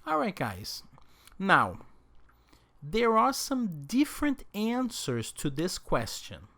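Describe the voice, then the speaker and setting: A man teaching a recorded English lesson, drilling example sentences slowly with exaggerated question intonation. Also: on the high side, fairly bright tone.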